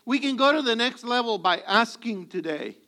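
A male pastor preaches a sermon to his congregation, telling funny stories and acting out snippets of dialogue. His voice is extremely high-pitched, expressive and bright, with a forceful tone and a moderate pace.

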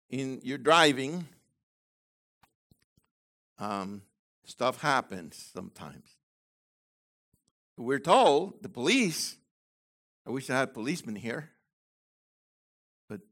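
A man preaches slowly, taking his time, his bright voice rising for emphatic points and dropping low for asides to the congregation. He drifts into digressions and restarts mid-thought, with a lively, wide-ranging pitch. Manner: animated preaching, swings between loud emphasis and quiet asides. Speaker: messianic congregation leader. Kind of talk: sermon.

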